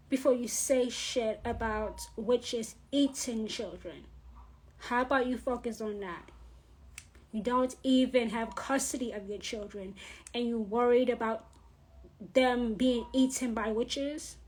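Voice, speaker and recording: A woman's voice: fairly high pitch, darkish tone. A woman vlogger ranting in a blunt, profane, scolding monologue. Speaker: witch vlogger.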